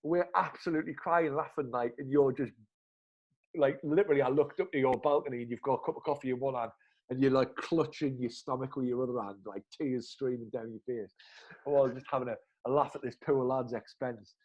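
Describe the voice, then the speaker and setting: A man's voice: mid-range voice, a little fast, dull audio. Northern English man telling a story. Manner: animated, chuckling anecdote telling with northern slang. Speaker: podcast co-host. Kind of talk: casual storytelling chat.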